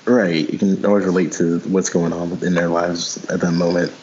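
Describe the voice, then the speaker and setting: A man's voice: low-pitched, level tone, moderate pace, a little mellow, slight background noise. A man guest-hosting a casual podcast, talking hesitantly with lots of restarts. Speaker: guest co-host. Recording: dull lo-fi sound.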